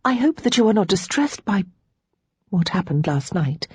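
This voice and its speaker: A woman narrator voicing a spirited young lady in a romance audiobook, pitched higher and playful. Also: sing-song, moderate pace, a little mellow, husky, dry recording. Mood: teasing.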